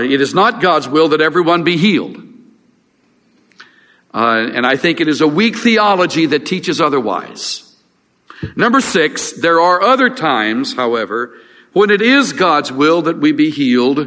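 An older man preaching a sermon as a pastor, earnest and halting, with frequent restarts and fillers. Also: fairly high pitch, fairly bright tone. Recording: long reverb of a large hall.

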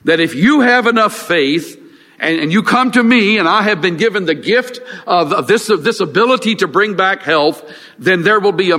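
An older man preaching a sermon as a pastor, earnest and halting, with frequent restarts and fillers. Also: fairly high pitch, sharp tone. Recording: long reverb of a large hall.

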